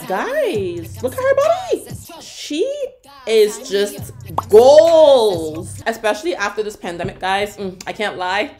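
A young woman from Canada giving casual reaction commentary, excitable and exclamatory, laughing often. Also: on the high side. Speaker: reaction vlogger.

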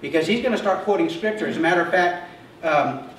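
High-voiced pastor in an echoey church. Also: male voice, fast, a bit bright. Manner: conversational preaching, often checks in with a short "okay?". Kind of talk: sermon. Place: church sanctuary. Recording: echoey church sound heard from a distance with faint noise.

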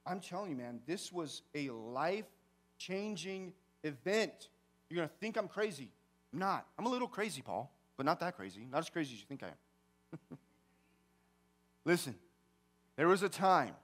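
A man with a fairly high voice delivers a sermon in a church. He talks casually with the congregation and acts out his own story with sudden loud outbursts and quiet asides. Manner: animated storytelling, swings from quiet to shouting. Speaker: pastor. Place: church sanctuary.

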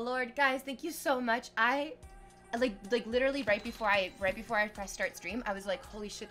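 A woman streaming live while sick, excitedly thanking her chat for donations, gushing, swearing freely and squealing. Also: fairly high pitch.

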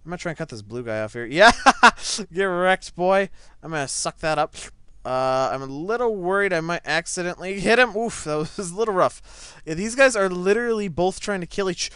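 A young man commentating his own gameplay, excitable, breaking into yelps and laughter, on a desk mic set back a little. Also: sits high, brisk, clean tone, no room sound. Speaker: gaming channel host. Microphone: desk microphone set back a little.

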